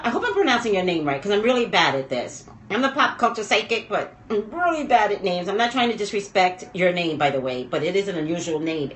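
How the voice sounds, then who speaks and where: A woman commentating on pop culture in a rambling, emotional livestream rant, dropping low and quiet when upset. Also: roomy sound, a little hiss or hum.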